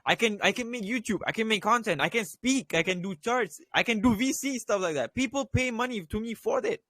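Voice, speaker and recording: A man's voice: high voice, fairly quick, bright, forceful tone, no room sound. A young man and student giving blunt, profanity-laden crypto advice in a casual voice chat, repeating his points. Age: young adult. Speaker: crypto trading voice chat host.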